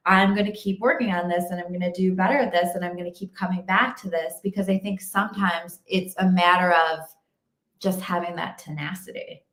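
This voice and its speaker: A woman's voice: on the low side, fairly even intonation, brisk, a bit bright. A woman co-hosting a casual spiritual livestream chat, talking earnestly about pushing through setbacks. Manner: earnest, self-described stubborn, giving life advice. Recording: echoey room.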